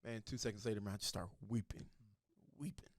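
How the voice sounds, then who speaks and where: A man's voice: fairly low pitch, fast, dry recording. Earnest man telling his testimony. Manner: earnest, animated, acts out voices in his story. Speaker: podcast guest. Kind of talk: casual storytelling testimony.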